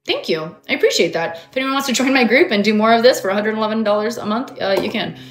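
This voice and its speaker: A woman hosting a motivational livestream as a mindset coach, animated and emphatic, talking straight to her viewers. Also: on the high side, quick pace. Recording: roomy echo.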